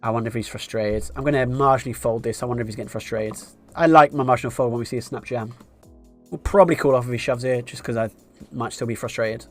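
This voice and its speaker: A man streaming live poker, musing through his decisions and thinking aloud with wry asides. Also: medium pitch.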